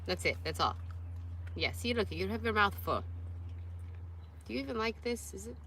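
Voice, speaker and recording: A woman's voice: mid-range voice, expressive, moderate pace, bright, forceful tone, a little hiss or hum. A woman in her thirties vlogging in a rambling, candid way, cooing baby talk at her dogs between stories. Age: 30s. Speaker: van-life vlogger. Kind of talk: casual vlog chat.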